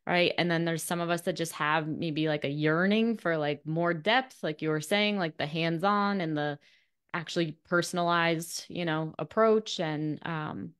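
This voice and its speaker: This is a woman hosting a podcast interview in a low voice. She is affirming toward her guest and reflective, thinking aloud as she builds up to her next question. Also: moderate pace, clean tone. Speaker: podcast host. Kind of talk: interview chat.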